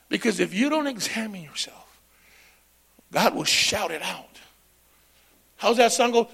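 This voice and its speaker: A man preaching a sermon in church, calling out to the congregation and swinging between loud and hushed delivery. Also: high voice, lively intonation, moderate pace, vocal fry, long pauses, breathy edge. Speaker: pastor.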